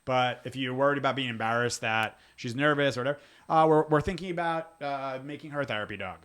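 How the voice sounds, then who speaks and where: A man in his own relaxed voice, talking dogs and training at a quick clip. He spins animated stories and acts out what other people said, swearing freely as he goes. His pitch sits in the middle range for a man. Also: clear, resonant tone. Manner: fast, animated storytelling with acted-out quotes. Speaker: dog trainer and show host. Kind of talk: casual podcast chat.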